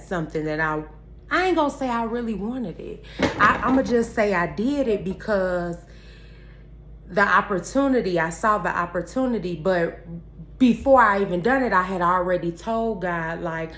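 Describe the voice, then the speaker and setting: A woman's voice: fairly low pitch, a bit bright. A woman talking candidly to her viewers about faith and positivity, emphatic and repeating her phrases like a preacher. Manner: candid, addresses viewers directly as y'all. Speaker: vlogger. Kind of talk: heartfelt faith-based motivational talk.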